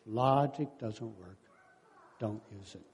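A preacher and counselor in his sixties speaks slowly in a lowish, darkish voice with a breathy edge. His sermon is storytelling, complete with acted-out quotes and frequent chuckles. The recording carries long hall reverb.

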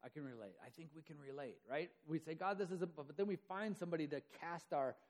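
A man's voice: a little high, fast, darkish tone. A man preaching a sermon in a conversational way, acting out the quoted voices as he goes. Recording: long hall reverb.

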